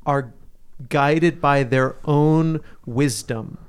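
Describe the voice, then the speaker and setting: A man's voice: on the high side, drawn-out words, smooth. A man co-hosting a Bible study, explaining scripture earnestly with everyday examples in conversational chat.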